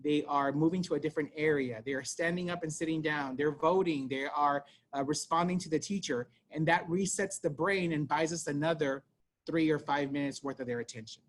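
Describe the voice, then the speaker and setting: Fast-talking man leading an online workshop. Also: a little high. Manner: talks fast, conversational, many fillers and "right?". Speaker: parent workshop presenter. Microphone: video call.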